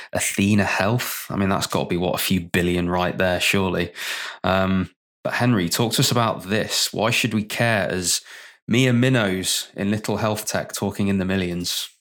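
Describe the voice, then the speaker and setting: A man's voice: low-pitched, steady tone, normal speed, fairly bright tone. A man hosting a podcast, introducing stories in casual chat with jokey asides. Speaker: podcast host.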